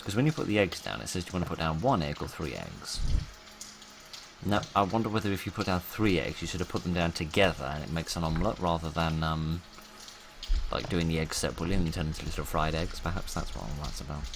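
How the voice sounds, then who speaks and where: Deep-voiced man's wry gameplay chatter. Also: creaky, noisy background. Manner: wry, chatty, talks to himself while playing. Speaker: gaming YouTuber. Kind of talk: casual let's-play commentary.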